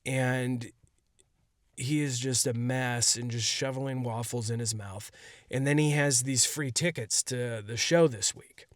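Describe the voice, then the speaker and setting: A man's voice: medium pitch, fairly even intonation, unhurried, no room sound, clean studio sound. Laid-back man telling a rambling story. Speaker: podcast host and stand-up comedian. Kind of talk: casual solo storytelling.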